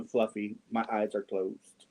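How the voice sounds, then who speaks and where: Mellow-voiced man chatting while crocheting. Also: lowish voice. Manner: chatty, reads viewer comments aloud and coos to his cats. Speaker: crochet livestream host. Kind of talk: casual chat while crocheting.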